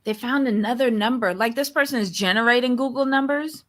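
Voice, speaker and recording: A woman co-hosting a casual recap podcast, chatting in an animated way and often restarting her sentences. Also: fairly high pitch, fairly quick. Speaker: podcast co-host.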